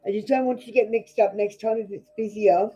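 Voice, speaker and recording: A woman's voice: medium pitch, steady tone, brisk, mellow, husky, highs cut off. A woman with an Australian accent doing a live tarot reading, blunt and scolding, swearing freely as she talks to viewers. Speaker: tarot reader.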